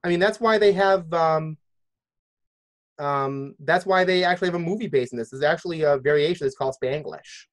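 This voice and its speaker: A man's voice: fairly high pitch, a little fast. A man hosting a casual podcast chat, rambling with restarts and jokey side notes. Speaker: podcast host.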